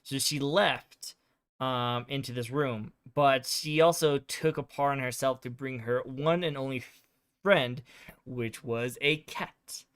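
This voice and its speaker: A man's voice: medium pitch, takes it slowly, fairly bright tone, clear, resonant tone, no echo, clean studio sound. A male streamer casually recapping a game's story, rambling with lots of fillers. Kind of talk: casual game recap chat.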